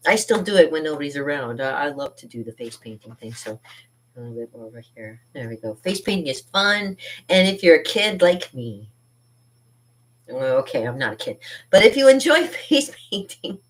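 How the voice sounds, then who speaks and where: Hosting a live art stream from her home studio, a middle-aged woman with a deep, slightly bright voice chats casually. She rambles playfully and laughs often.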